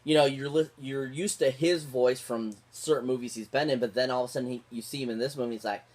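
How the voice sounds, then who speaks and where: A man at a middle pitch talks through a film review in a casual vlog style. He gushes over every performer, reuses the same few favourite words of praise, and rambles along with fillers and restarts. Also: fairly even intonation, fast talker, darkish tone. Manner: gushing, repeats favourite words. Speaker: movie reviewer.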